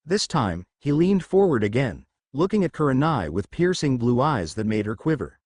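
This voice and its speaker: A man reads a fan fiction story aloud in a steady storytelling style. His voice sits at a middle pitch with very lively intonation, and the sound is dry and close. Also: normal speed, hardly any pauses, no echo. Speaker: narrator.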